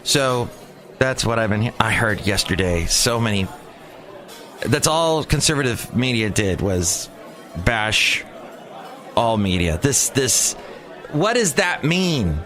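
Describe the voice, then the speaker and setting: Lively, rambling male podcast host. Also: mid-range voice, takes it slowly, pauses often. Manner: rambling, animated, self-interrupting. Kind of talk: comedic monologue with character voices.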